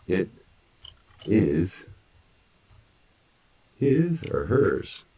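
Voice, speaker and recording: A man teaching an English grammar lesson, repeating words slowly and breaking sentences into parts. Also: low-pitched, darkish tone, low-quality recording. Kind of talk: slow, deliberate grammar lesson.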